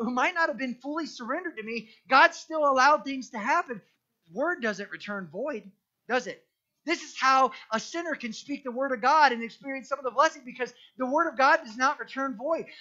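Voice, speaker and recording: Bright-voiced pastor, lively and chatty. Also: male voice, very high voice, lo-fi sound. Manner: lively, conversational, jokey storytelling with many restarts. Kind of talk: sermon. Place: church.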